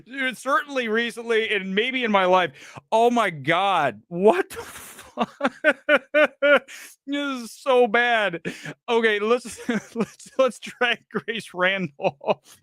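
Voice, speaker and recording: A man hosts a live movie review stream, swearing freely and breaking into helpless laughter. His voice is high and swings wildly up and down. The sound is dry and close. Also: slow pace, dry recording. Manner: laughing hard, profane and animated. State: crying with laughter.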